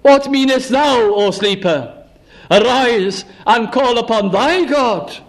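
Alarmed sea captain, pleading and archaic, pitched high; a man reading him into a sermon. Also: lively intonation, takes it slowly, exaggerated voice. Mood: urgent. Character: alarmed ship's captain rousing a sleeper.

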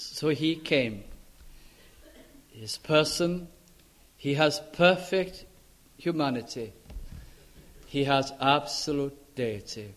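High-voiced earnest man preaching a sermon. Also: expressive. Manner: earnest, emphatic, drawn-out stresses, voice drops low and soft at phrase ends.

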